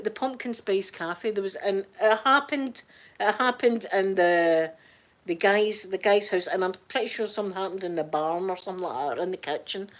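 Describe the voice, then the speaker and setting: A middle-aged Scottish woman chatting casually on a live stream, greeting viewers in the chat by name. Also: medium pitch. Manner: chatty, warm-hearted, reads out chat names.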